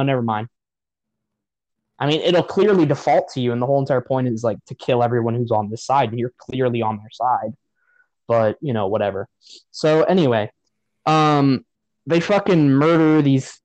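A man's voice: medium pitch, darkish tone, dry recording, poor audio. A man on a podcast giving a profane, sarcastic rant about a movie in casual chat. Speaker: podcast host.

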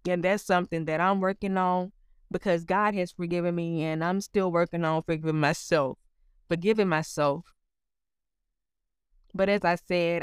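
A woman's voice: lowish voice, smooth, no room sound, studio quality. A woman giving a personal spiritual testimony in an earnest way, calling the listener honey. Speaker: testimony speaker.

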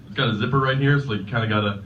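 A man's voice: mid-range voice, rapid-fire. A man guesting on a podcast, telling rambling, profane stories in a laid-back way. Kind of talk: casual storytelling. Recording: dull, distant mic with faint noise.

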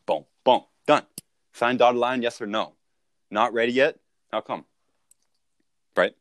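A man's voice: mid-range voice, fairly even intonation, moderate pace, long pauses, dry recording. A man coaching salespeople in a casual conversation, punchy and emphatic, often checking in with "right?".

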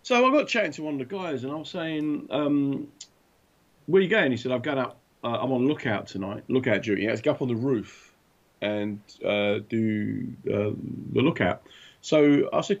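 A man telling animated anecdotes in casual chat, acting out the voices of the people in his stories. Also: medium pitch, moderate pace. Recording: dull lo-fi sound.

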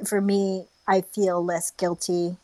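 A young woman with an American accent talks in a loose, chatty way, full of fillers and laughter. Her voice sits on the low side, and the recording is dry and close. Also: little pitch movement, takes it slowly, mellow, no echo, low-quality recording. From United States. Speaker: guest, travel blogger. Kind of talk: casual chat.

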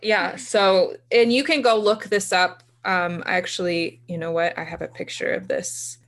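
A woman's voice: fairly low pitch, fairly even intonation, normal speed, noisy background. A woman in her thirties co-hosting a podcast, chatting casually and laughing easily. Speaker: podcast co-host.

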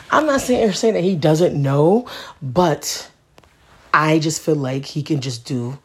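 A woman's voice: sits low, a little mellow, slightly rough. A tired mother hosting her own podcast, venting in a casual, profane monologue and often asking listeners if they get what she means. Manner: profane, frustrated, keeps asking "you know what I mean".

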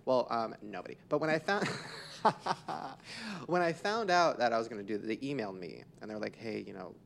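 A young man hosting a podcast, telling gossipy stories in an excitable, casual way with a lot of swearing. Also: mid-range voice, moderate pace, creaky, slight background noise. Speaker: podcast host.

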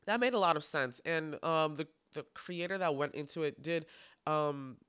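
Sassy, bright-voiced young podcast host. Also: male voice, a little high, normal speed, clear, resonant tone. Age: 20s. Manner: sassy, campy, profane. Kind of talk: solo podcast monologue.

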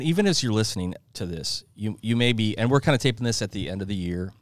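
A man hosting a podcast interview, asking halting, rambling questions. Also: on the low side, no echo, clean studio sound. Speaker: podcast host. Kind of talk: casual interview. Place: ministry headquarters office.

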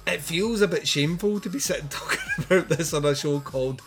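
A man's voice: fairly high pitch, brisk, soft background music. A man co-hosting a film podcast, rambling casually with lots of fillers, restarts and swearing. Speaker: podcast co-host. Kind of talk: casual film review chat.

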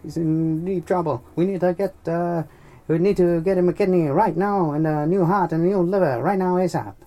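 A man voicing a hurried hospital nurse who talks in a rushed, urgent way. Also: high-pitched, steady tone, warm tone, pitched above the performer's own voice, lightly acted.

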